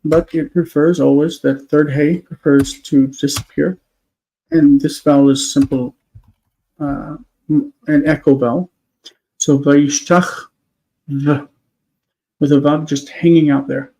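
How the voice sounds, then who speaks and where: Man, teacher, fairly high voice, warm tone, explanatory, thinking aloud. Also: fairly even intonation, measured pace, vocal fry, poor audio. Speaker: Hebrew teacher. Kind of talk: live-stream explanation.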